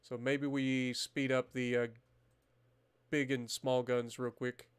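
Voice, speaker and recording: A man streaming a naval strategy game, commenting casually, swearing freely and bursting into loud disbelief at the battle results. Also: mid-range voice, slow, clear, resonant tone. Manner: muttering calmly while managing menus.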